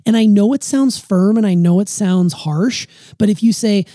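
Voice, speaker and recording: Earnest middle-aged dad, dark dry voice. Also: male voice, sits high, normal speed, no echo. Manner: reflective, earnest, advice-giving. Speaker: parent giving advice. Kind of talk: casual family chat.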